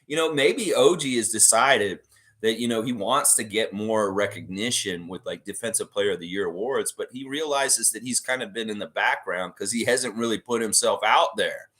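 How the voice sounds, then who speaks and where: A man hosting a casual livestream chat, rambling in a relaxed way and reading viewer comments aloud. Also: fairly low pitch, normal speed. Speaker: livestream host.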